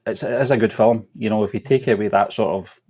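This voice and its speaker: A man's voice: on the low side, fast talker, a little mellow, breathy edge. A man co-hosting a casual film chat over a remote call, hesitant, with frequent ums and laughs. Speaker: co-host.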